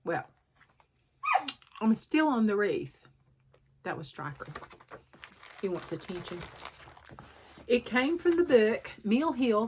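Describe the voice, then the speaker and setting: A woman hosting a chatty show-and-tell craft vlog, her voice at an ordinary middle pitch. She rambles and pokes fun at herself as she goes, stopping often to clear a sore throat. A faint hiss sits under the recording. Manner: rambling, self-deprecating, frequent throat clearing. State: sore throat, sucking a cough drop. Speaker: cross-stitch vlogger.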